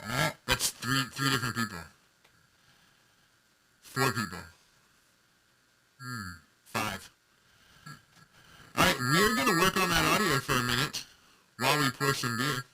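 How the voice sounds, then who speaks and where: A man's voice: mid-range voice, lively intonation, a little slow, pauses often, heavy background noise. A man co-hosting a casual beer podcast, joking and running himself down. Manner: jokey, self-deprecating banter. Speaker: podcast co-host.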